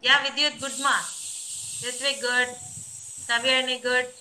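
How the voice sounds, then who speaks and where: Kindergarten teacher on a video call, high voice, super bright and sharp, repeats numbers slow. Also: female voice, level tone, slight background noise, rough recording. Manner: repeats numbers slowly, coaxing and scolding young children. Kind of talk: online class instruction.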